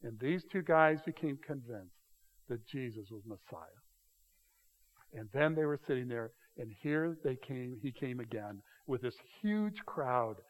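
A middle-aged man preaching a sermon, telling the story with animated delivery and acted-out voices. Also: mid-range voice, a little slow. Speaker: pastor. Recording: long hall reverb.

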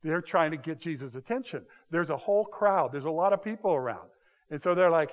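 Conversational preacher in an echoing hall. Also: male voice, on the high side. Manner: conversational, animated storytelling with quick acted-out voices. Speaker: pastor. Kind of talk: sermon. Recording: dull sound with long hall reverb.

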